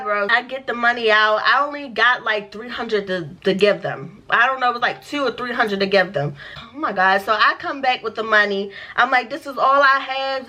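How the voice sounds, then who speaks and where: A young woman telling a storytime vlog, animated and profane, acting out what people said in slang. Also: fairly high pitch. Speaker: vlogger.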